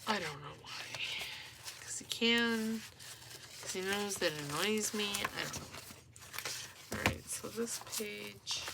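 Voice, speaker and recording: A woman's voice: mid-range voice, vocal fry. A woman chatting casually while she makes a junk journal, rambling and talking to herself as she works. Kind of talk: casual crafting tutorial chat. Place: home craft room. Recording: noisy home recording. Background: dog and paper rustling.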